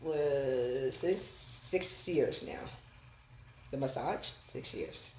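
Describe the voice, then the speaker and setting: A woman's voice: very deep voice, extremely slow, roomy sound, slight background noise, poor audio. A woman who runs a massage business, a guest on a podcast, chatting in an easygoing way and laughing often. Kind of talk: casual podcast interview.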